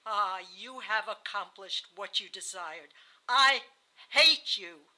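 A woman voicing a bitter, feverish dying wife who speaks haltingly and cries out in anguish. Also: mid-range voice, very animated, bright, forceful tone, heavily acted, rough recording.

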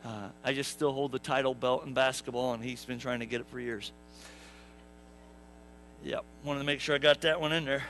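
A man's voice: medium pitch, steady tone, normal speed, long pauses, a bit bright, slight background noise, poor audio. A young adult man preaching a humorous sermon in a church, acting out the characters and asking the congregation questions. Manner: jokey storyteller, acts out characters, asks the congregation. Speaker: pastor. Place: church sanctuary.

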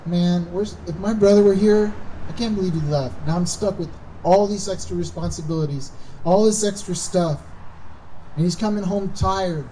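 A man's voice: sits high, normal speed, mellow, natural voice. A man playing a resentful older brother during a sermon, complaining in a raised, indignant voice. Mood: aggrieved. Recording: distant mic with faint background noise.

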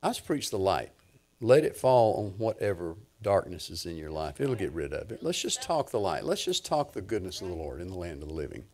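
An older man, preaching a sermon through a lively personal story, swinging from low murmurs to loud excited bursts. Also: a little fast. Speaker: pastor.

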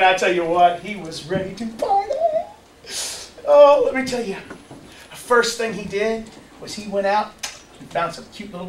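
A man teaching a children's church lesson, telling a story in a lively, playful way and joking with young volunteers. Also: high voice, slight background noise. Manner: lively, playful, chatty, asks the audience questions. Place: large room with kids, music playing. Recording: echoey room, voice from far off.

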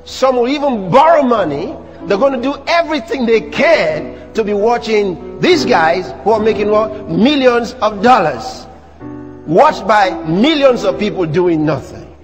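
A man preaching a sermon to a church congregation, animated, teasing the audience with rhetorical questions and mimicry. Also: high-pitched, unhurried, long reverb tail, music in the background. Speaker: pastor.

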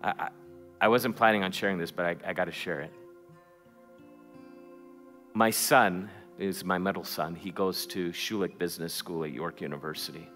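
A man's voice: low voice, normal speed, pauses often, fairly bright tone, soft background music. A middle-aged man preaching a sermon in a church, telling a story with stammered restarts before building to fervent calls. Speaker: pastor. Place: church sanctuary.

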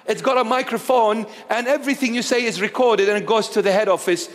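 Male preacher, lively storyteller with humor, high pitch, echoing church hall. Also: fast. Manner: animated storytelling with humorous asides. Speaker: bishop, preacher. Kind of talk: sermon. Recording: long church reverb.

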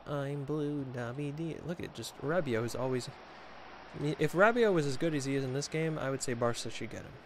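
A man's voice: mid-range voice, expressive, fast talker, a little hiss or hum. Chatty joking man playing a football game. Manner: chatty, joking, talks to viewers and the players on screen. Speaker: gaming video creator. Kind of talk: casual gameplay commentary.

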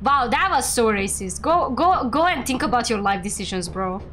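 A woman's voice: on the high side, animated, fairly bright tone, a little hiss or hum. Playful young woman streaming a game. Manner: playful, teasing, quick to exclaim and laugh. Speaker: streamer and VTuber host. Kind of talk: casual game-stream chat.

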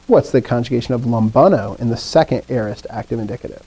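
A man's voice: medium pitch, fast talker, hardly any pauses, mellow, slightly rough. A man teaching a classroom lesson, first reciting drills, then explaining with fillers and questions to the students.

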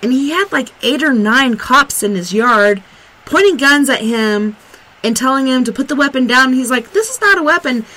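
A woman's voice: high voice, moderate pace, sharp tone, rough recording. A woman hosting a talk radio show, chatting casually and retelling news stories at length.

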